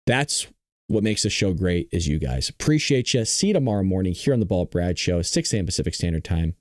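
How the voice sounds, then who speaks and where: A man hosting a live-stream political commentary show, chatty and reacting to his chat, hoarse from losing his voice. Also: sits low, lively intonation, brisk, dry recording, clean studio sound.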